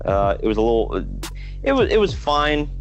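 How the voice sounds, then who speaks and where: A man's voice: on the high side, sing-song, moderate pace, lo-fi sound, faint music behind. A man co-hosting a casual wrestling podcast, ranting and joking and quoting people in mocking voices. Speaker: podcast co-host.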